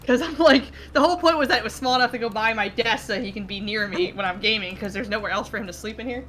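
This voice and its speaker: A woman's voice: on the high side, quick pace, a bit bright, slight background noise. A woman streamer chatting casually from her home gaming room, rambling and poking fun at herself. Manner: rambling, self-deprecating.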